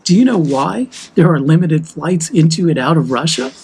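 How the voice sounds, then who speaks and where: A man's voice: fairly high pitch, expressive, moderate pace, darkish tone, husky, poor audio. A man from the United States talking heatedly and emphatically in a walk-and-talk vlog. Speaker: vlogger.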